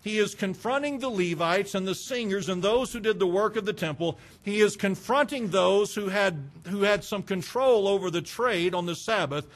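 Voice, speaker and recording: High-voiced fervent male preacher. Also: moderate pace, few pauses. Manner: fervent, emphatic, with bursts of volume. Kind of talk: sermon.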